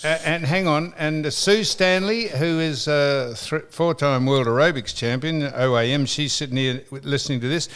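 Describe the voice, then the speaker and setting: A man hosting a casual podcast, his voice sitting a little higher than usual for a man. He tells stories in a rambling way, stopping and restarting often, with a few curses thrown in. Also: normal speed, few pauses, a bit bright, clear, resonant tone. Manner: rambling storyteller with frequent restarts and cursing. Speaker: podcast host. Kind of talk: casual chat.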